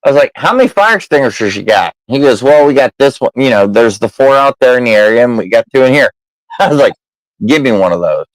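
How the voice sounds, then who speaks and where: In a casual chat, a man tells a story, swearing freely and acting out the people in it as a profane, animated storyteller. His voice is medium-pitched and quick, in a rough recording with no room sound.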